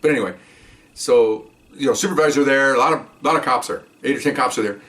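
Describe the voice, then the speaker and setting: An older man rattles through a patrol story at a quick clip, wandering into asides and checking in with his listener. His voice comes from some distance away from the mic. He tells it casually, as a retired cop. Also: mid-range voice, fairly bright tone. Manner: rambling, with many asides and "okay?" check-ins. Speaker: retired police officer telling stories.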